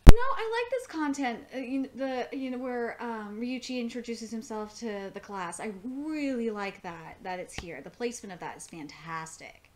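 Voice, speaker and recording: A woman's voice: a little high, moderate pace, hardly any pauses, a little hiss or hum. A woman giving live reaction commentary on an anime episode, rambling and enthusiastic with lots of fillers and restarts.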